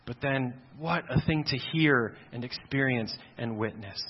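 A man's voice: medium pitch, a little slow, slightly rough. A man preaching a sermon, emphatic and repeating key phrases for stress. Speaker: pastor. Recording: dull, reverberant hall sound.

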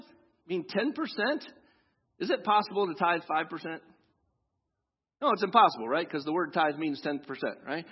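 Man, pastor, sermon in church, high-pitched, breathy, conversational, slow scripture reading, dull recording. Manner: conversational, asks the congregation with tag questions; reads scripture slowly and deliberately. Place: church sanctuary.

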